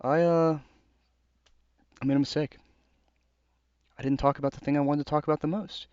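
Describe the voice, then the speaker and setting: A man's voice: on the high side, little pitch movement, moderate pace, darkish tone, smooth, no echo. A young American man in casual, earnest commentary on a book, talking conversationally with fillers. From United States. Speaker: host. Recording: dull dry lo-fi recording.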